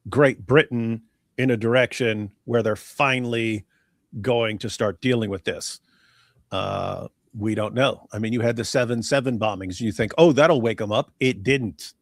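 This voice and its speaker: A man's voice: medium pitch, no echo. Man, co-host, live commentary, emphatic, dry close sound.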